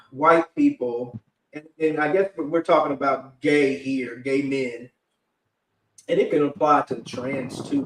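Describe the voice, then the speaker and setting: A man hosts a live online panel, speaking loosely and conversationally with lots of fillers. His voice sits a bit high for a man. He is set back from the mic in an echoey room. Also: far from the mic. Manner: rambling, conversational, many fillers. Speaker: panel host. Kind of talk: casual live panel discussion.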